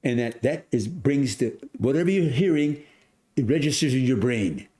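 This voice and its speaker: Centenarian male guest, lively storyteller, mid-pitched, plays the other people's lines. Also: moderate pace. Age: 100s. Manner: animated storyteller, acts out voices, many restarts. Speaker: podcast guest. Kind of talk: storytelling in casual conversation.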